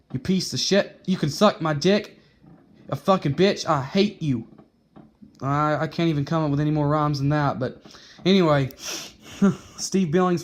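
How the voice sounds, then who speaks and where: A man with a fairly high voice delivers a heated vlog rant. He curses freely, stumbles and restarts his words, and keeps circling back to the same points. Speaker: vlogger. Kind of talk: angry rant to camera.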